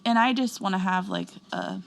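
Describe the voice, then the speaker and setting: A married woman co-hosts a casual podcast chat among friends, with a gravelly, creaky edge to her voice. She teases her friends and keeps asking questions. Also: mid-range voice, moderate pace. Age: adult, married. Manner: warm teasing, asks questions, laughs. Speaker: podcast co-host.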